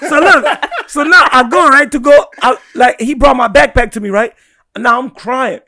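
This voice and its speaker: A young man from Guinea, a podcast guest telling a story in casual chat, animated and laughing, often checking in with "right?". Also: very high voice, moderate pace, vocal fry.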